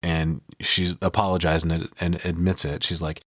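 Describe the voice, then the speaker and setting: Low-pitched man in a dry booth, swearing and joking through a casual film recap. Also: dry recording. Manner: profane, animated storyteller with quick jokes. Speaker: podcast co-host recapping a film. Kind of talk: casual chat.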